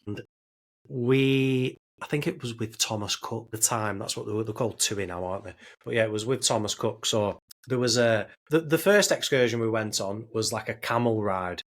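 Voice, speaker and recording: A man's voice: lowish voice, moderate pace. A man, co-hosting a podcast, telling travel stories in casual chat, swearing freely and acting out quoted lines. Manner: animated storyteller, swears freely, acts out quotes. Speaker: podcast co-host.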